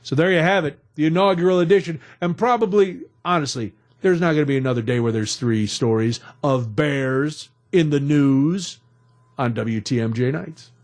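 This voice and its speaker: A man's voice: on the high side, moderate pace, a little mellow. A man hosting a radio talk show, recapping odd news stories in a jokey, rambling way from a studio.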